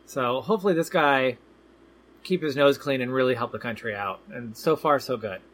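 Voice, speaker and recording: A man in his thirties co-hosting a travel podcast, explaining things in a calm, matter-of-fact casual chat. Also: mid-range voice, moderate pace. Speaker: podcast co-host.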